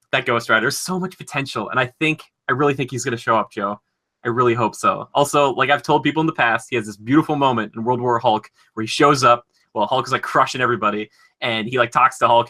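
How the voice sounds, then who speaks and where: A man co-hosting a podcast, talking casually and enthusiastically, full of "like" and quick asides. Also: mid-range voice, pushed and bright. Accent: Minnesotan. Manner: enthusiastic, rambling, lots of "like". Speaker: podcast co-host. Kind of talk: casual chat.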